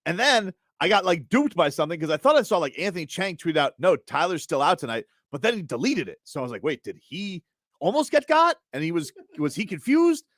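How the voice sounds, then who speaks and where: A man's voice: fairly high pitch, fast, few pauses, no room sound, studio quality. A man hosting a sports talk radio show, telling stories and ranting in mock outrage. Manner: animated storytelling, rants with mock outrage. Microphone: studio microphone.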